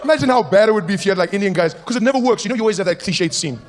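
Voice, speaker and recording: Animated high-voiced male stand-up comic. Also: rapid-fire, a faint crowd, slight background noise. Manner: animated, switching between voices. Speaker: stand-up comedian. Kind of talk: stand-up comedy routine.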